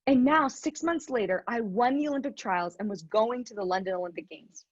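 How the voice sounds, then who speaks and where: A young woman giving an earnest, animated motivational talk, telling a story and laughing now and then. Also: a little high, brisk, dry recording, dull audio. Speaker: motivational speaker.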